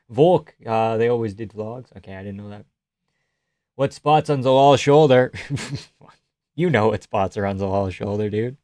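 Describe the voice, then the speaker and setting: A man's voice: mid-range voice, darkish tone, no room sound, clean studio sound. A man casually commenting live on a fight night, swearing and laughing a lot. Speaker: live streamer. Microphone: headphones on, close mic.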